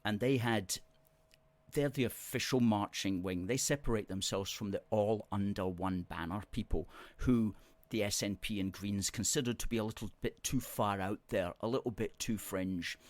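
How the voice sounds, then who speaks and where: A man's voice: lowish voice, normal speed. A man hosting a live stream, reading out viewer comments and answering them with emphatic, repeated words. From Scotland. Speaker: host.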